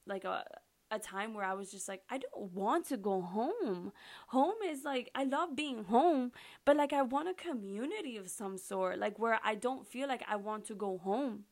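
A young adult woman hosting a faith podcast, talking earnestly and then praying softly. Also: medium pitch, creaky. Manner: earnest, heartfelt, soft-spoken in prayer. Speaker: podcast host. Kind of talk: faith podcast talk and prayer.

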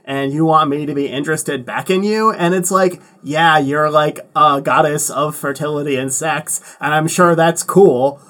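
A man putting on a valley-girl Gilgamesh, a young hero drawling "like" between every few words and tired of war. The voice sits a bit high. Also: moderate pace, hardly any pauses, a bit bright, natural voice. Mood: dismissive.

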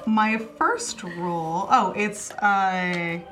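A woman's voice: medium pitch, very slow, fairly bright tone, faint music behind. A woman player in a tabletop game, chatty and giggly as she describes her character's actions. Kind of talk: casual tabletop game play.

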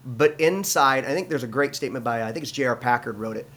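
A man's voice: mid-range voice, fast talker, fairly bright tone. Earnest middle-aged American man telling his story. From United States. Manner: earnest storytelling with frequent restarts and fillers. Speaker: pastor. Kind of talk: conversational testimony in an interview.

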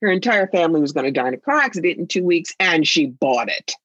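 A husky, breathy-voiced woman talking as a guest psychic, sassy and theatrical as she tells her stories. The sound is dry and a bit muffled, like a lo-fi recording. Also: deep voice, lively intonation, fast talker, a bit bright, no room sound. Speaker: psychic and author. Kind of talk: interview conversation.

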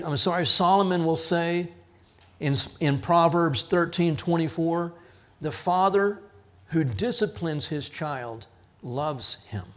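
A man's voice: a little high, fairly bright tone. A middle-aged man, teaching a Bible study as a sermon, telling stories and acting out the people in them with a raised voice. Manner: storytelling, quotes others in raised voice, chuckles at himself.

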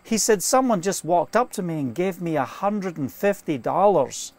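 A man's voice: high-pitched, lively intonation, moderate pace, darkish tone. A man preaching an informal sermon, earnest and fervent, telling stories and quoting scripture, speaking from inside a trailer.

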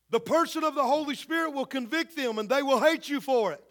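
Very high-voiced impassioned male preacher. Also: brisk, creaky. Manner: impassioned, swings from hushed to shouting; repetitive, with frequent "uh" fillers. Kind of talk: sermon.

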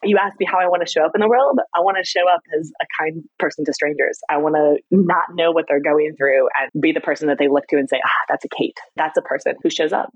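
A middle-aged woman, a podcast guest, telling personal stories in a candid, animated way, laughing often. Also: deep voice, fast talker, hardly any pauses, slightly rough, no echo, dull audio. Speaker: podcast guest, stress expert. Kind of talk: candid conversational storytelling.

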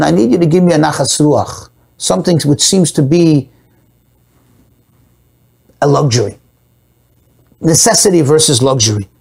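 A man's voice: on the high side, gravelly, slightly rough. Guy giving a torah class, voice jumps up and down a lot, keeps asking himself questions. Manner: animated, asks and answers his own rhetorical questions; mixes Hebrew and Yiddish terms into English. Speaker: Torah teacher. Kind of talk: Torah class explaining a text.

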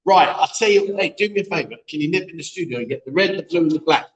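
This fairly high-voiced, animated man talks fast as he hosts a live-stream show, trading jokes with his co-host and reading out viewer messages. The recording rings with echo from a room that's being set up as a studio.

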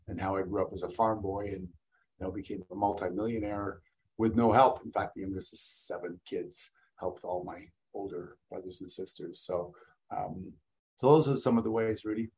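A middle-aged man from Canada, a guest and event speaker, talking in a blunt, energetic, salesman-like way in a casual interview. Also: low voice, moderate pace, rough recording.

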